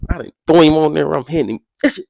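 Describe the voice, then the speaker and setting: A young man, a podcast guest, telling a story in an animated way, acting out quotes in a much higher voice and adding sound effects. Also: brisk, creaky, no room sound, studio quality.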